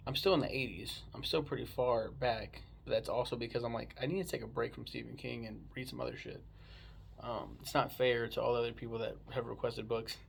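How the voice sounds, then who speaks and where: A man's voice: mid-range voice, steady tone, fairly quick, creaky, slight background noise. A man casually chatting about a book he read, rambling and swearing freely. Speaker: book reviewer. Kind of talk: casual book review chat.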